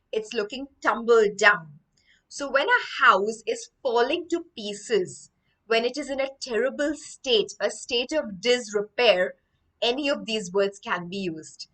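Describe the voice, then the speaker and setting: A woman's voice: mid-range voice, pushed and bright, far from the mic, low-quality recording. A woman teaching English vocabulary through a story, explaining each line after she reads it.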